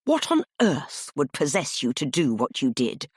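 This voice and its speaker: A woman voicing a stern male headmaster who speaks slowly and quietly, barely holding back his anger. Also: sits low, wildly swooping pitch, breathy edge, no room sound, studio quality, exaggerated voice. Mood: restrained fury. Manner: slow, quiet, barely restrained fury.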